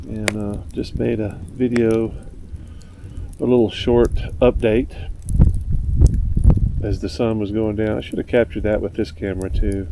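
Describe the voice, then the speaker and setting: Gravelly low-voiced man camping outdoors. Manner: rambling, gruff, blunt, grumbling about neighbors. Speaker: motorcycle vlogger. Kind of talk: casual vlog monologue. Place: outdoors at a mountain campsite. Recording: faint outdoor background noise.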